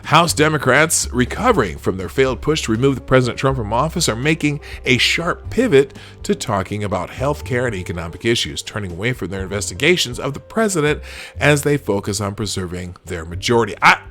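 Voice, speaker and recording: A man's voice: mid-range voice, lively intonation, brisk, a bit bright, faint music behind. A man hosting a live show, casually reading headlines aloud and adding sarcastic, rambling commentary. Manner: rambling and sarcastic, with frequent fillers and restarts.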